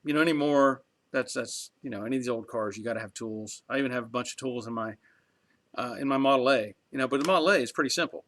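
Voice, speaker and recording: A man's voice: mid-range voice, quick pace, fairly bright tone. A middle-aged man hosting a garage channel, chatting casually on a live stream and reading viewer comments in a talkative, rambling way with chuckles.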